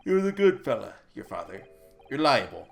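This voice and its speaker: A let's player voicing a gruff older Scottish prison governor, reading game dialogue in a slow, low, halting put-on brogue. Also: very animated. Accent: attempted Scottish.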